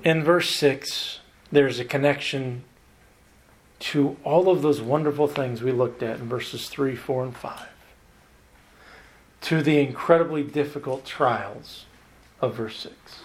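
A man preaching a sermon on a Bible passage, earnest and emphatic, drawing out key words slowly and slipping in light self-deprecating humor. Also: medium pitch.

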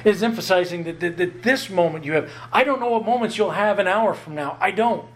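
A man delivers a sermon on a passage of Scripture with earnest emphasis, lingering slowly on important words and slipping in gentle jokes at his own expense. He has a high, animated voice.

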